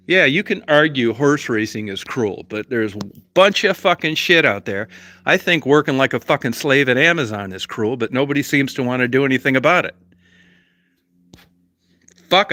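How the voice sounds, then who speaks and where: A man's voice: medium pitch, pushed and bright, no room sound. A man hosting a livestream, telling a story as a profane, rambling, argumentative rant full of constant swearing. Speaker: livestream host.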